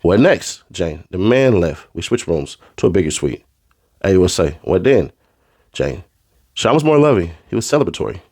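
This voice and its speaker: A man reading a courtroom transcript aloud, naming each speaker in a flat, clipped way. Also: deep voice, normal speed, no room sound. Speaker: trial recap reader.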